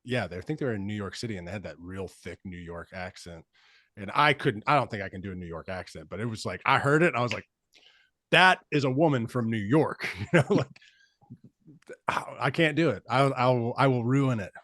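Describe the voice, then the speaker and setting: A man's voice: on the low side, fast talker, fairly bright tone, dry recording, studio quality. A man hosting a casual podcast chat, telling loose, profane stories with laughs. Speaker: podcast host.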